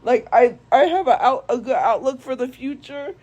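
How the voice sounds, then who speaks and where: A young woman streamer speaking to viewers in a tearful, halting way, grief-stricken and repeating herself. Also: high-pitched, animated, warm tone, highs cut off. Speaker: live streamer. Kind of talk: emotional monologue to viewers.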